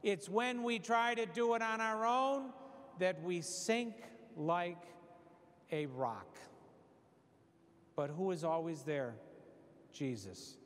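A middle-aged man giving a parish retreat sermon, telling a story with lively humor. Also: high-pitched, slow, long pauses. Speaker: retreat preacher. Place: church. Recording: echoey church hall.

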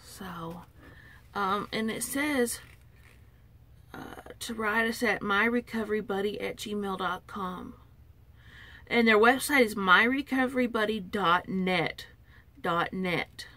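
A woman chatting to camera in a casual vlog, opening packages. She is still unwell and recovering, and talks in an emotional, tearful, softly thankful way. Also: mid-range voice, slow. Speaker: vlogger opening viewer packages.

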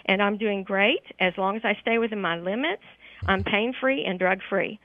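A woman's voice: mid-range voice, moderate pace, no room sound. A woman calling in to a radio show, giving a heartfelt, grateful testimonial in an emotional voice. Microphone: telephone. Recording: tinny phone line.

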